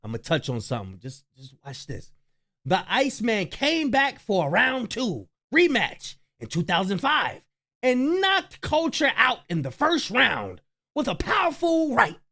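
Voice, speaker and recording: A man talks high in his range and swings his pitch around constantly. He riffs on the news in a slangy, trash-talking way as a reaction host. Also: huge pitch swings, measured pace, gravelly, sharp tone. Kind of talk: casual reaction commentary.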